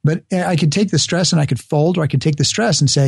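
A man being interviewed, talking earnestly and building each point with an example. His voice sits fairly high for a man. The sound is dry and close, with no room echo. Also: fast talker, creaky, breathy edge. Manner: earnest, explains ideas through examples. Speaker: guest author and speaker. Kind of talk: conversational interview.

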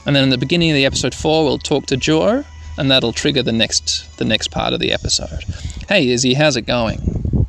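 A man's voice: mid-range voice, quick pace, creaky, few pauses, a bit bright. A man hosting an easygoing, rambling let's-play commentary meant for sleep. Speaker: host. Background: faint music.

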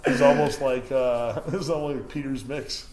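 A man's voice: medium pitch, fairly even intonation, normal speed, a loud crowd. A man guesting on a podcast, telling profane, laughing party anecdotes in a casual way. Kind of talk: casual storytelling. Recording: echoey room, faint ambient noise.

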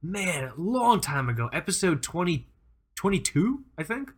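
A man's voice: sits high, big pitch swings, normal speed, husky. A man co-hosting a casual podcast, talking with energy, joking and laughing often. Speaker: podcast co-host.

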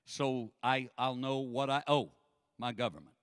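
A man's voice: medium pitch, a little slow, a bit bright, no room sound, clean studio sound, big-room sound. A man preaching a sermon, telling a funny story with lots of animation, acting out voices and laughing often. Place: church sanctuary.

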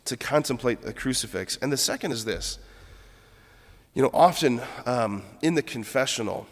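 A Catholic priest delivers a homily in a mid-pitched voice, speaking earnestly and reflectively as he tells stories from his own life. His words ring out with a long church reverb trailing after them. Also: animated, moderate pace.

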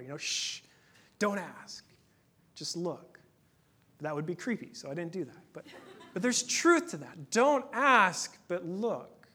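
A man in his thirties preaching a sermon in a conversational, earnest way, dropping to a hush at times. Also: high voice. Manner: conversational, earnest, with dramatic pauses and hushed moments. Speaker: pastor.

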